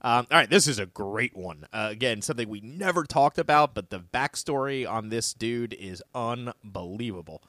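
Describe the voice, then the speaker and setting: A man's voice: mid-range voice, animated, moderate pace, few pauses, bright, forceful tone, no room sound, clean studio sound. A man co-hosting a trivia podcast in casual quiz chat, joking and laughing often.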